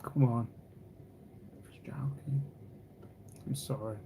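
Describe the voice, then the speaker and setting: A man's voice: mid-range voice, fairly even intonation, slow, vocal fry, warm tone. A man hosts a casual live stream in a middle-range voice. He rambles from one thought to the next, teases his viewers and reads their comments aloud. There is faint background noise. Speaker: livestream host.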